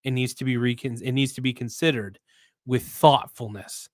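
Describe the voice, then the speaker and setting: A man's voice: mid-range voice, fairly even intonation, moderate pace, dry recording, studio quality. Blunt, slangy male livestream host. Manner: blunt, slangy and profane, reading viewer comments aloud; rambling with frequent restarts. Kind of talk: casual livestream commentary.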